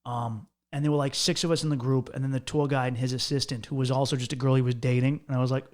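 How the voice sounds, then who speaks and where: A young American man hosts a podcast, speaking quickly in a mid-range, steady voice with few pauses. In a casual storytelling monologue, he rambles through a long travel story, loose and profane, with lots of restarts.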